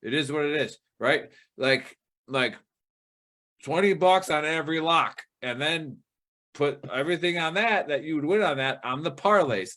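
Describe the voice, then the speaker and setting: A man's voice: on the high side, expressive, moderate pace, bright, forceful tone. Rambling man hosting a betting show. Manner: rambling, swears casually. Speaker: show host. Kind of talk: casual podcast chat.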